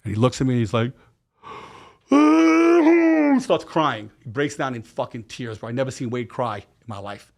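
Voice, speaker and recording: A man's voice: mid-range voice, fast talker. A middle-aged man, a podcast guest, telling a candid story with lots of slang and swearing and acting out what people said. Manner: animated, profane, slangy retelling with acted-out quotes.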